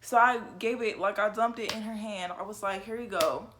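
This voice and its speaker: A young woman telling a story from her own life in a casual, animated and profane way. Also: mid-range voice, brisk, slight background noise. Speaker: storytelling vlogger.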